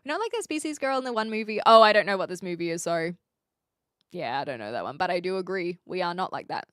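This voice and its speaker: A woman's voice: lowish voice, lively intonation, fast talker, fairly bright tone, clear, resonant tone, dry recording, clean studio sound. A woman, streaming and chatting casually as she reads viewer comments, rambling and playful with frequent giggles.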